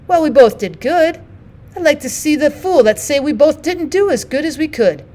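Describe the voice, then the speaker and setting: A woman's voice: sits high, animated, normal speed, mellow, pitched above the performer's own voice. A woman voicing a young soldier who speaks soothingly in plain, folksy talk.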